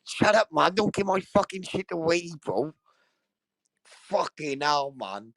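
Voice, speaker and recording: A loud-mouthed young livestream host who swears freely and peppers everything with "right?" His voice sits on the higher side and the sound is dry, close and unroomy. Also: very animated, unhurried, no room sound, rough recording. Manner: brash and sweary, keeps tagging lines with bro and right. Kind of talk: rowdy livestream banter.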